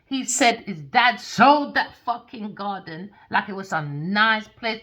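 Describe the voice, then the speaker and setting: A woman's voice: mid-range voice, slow pace, few pauses, fairly bright tone, lo-fi sound. A tarot reader woman ranting in a heated, casual, profane way.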